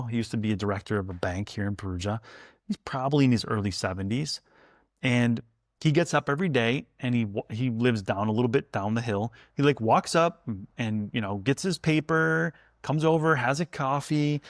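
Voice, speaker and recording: A man's voice: mid-range voice, no room sound. Man, food historian guest, chatty storyteller, dry close mic. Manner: chatty storyteller, animated and laughing. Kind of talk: casual conversation.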